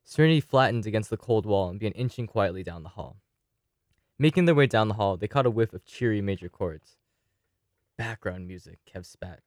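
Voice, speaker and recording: A man's voice: fairly low pitch, animated, fast, a little mellow, no room sound, clean studio sound. A man casually reading a collaborative story aloud, now and then laughing and loosely voicing characters.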